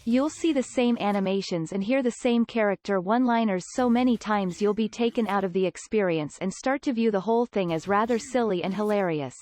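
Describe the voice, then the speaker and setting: A woman's voice: medium pitch, a little fast, hardly any pauses, darkish tone, no echo. A woman narrating a scripted video game review with a dry, sardonic delivery.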